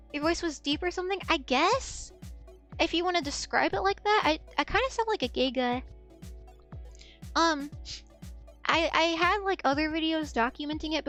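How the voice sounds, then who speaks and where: A woman VTuber chatting casually on a live stream, rambling and self-mocking, with a soft girlish voice. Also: sits high.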